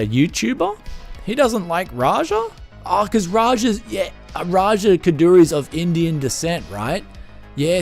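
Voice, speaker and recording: A man's voice: fairly high pitch, darkish tone. A man with an Australian accent hosting a casual tech live stream, jokey, with frequent restarts.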